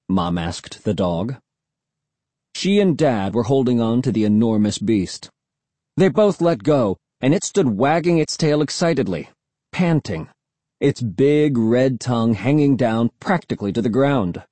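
A man reading an audiobook in expressive first-person narration. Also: medium pitch, measured pace, dry recording. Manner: expressive storytelling.

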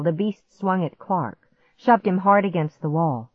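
A woman narrating a storybook in a measured, vivid first-person reading. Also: fairly low pitch, animated, no echo. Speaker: audiobook narrator. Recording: dull muffled audiobook recording.

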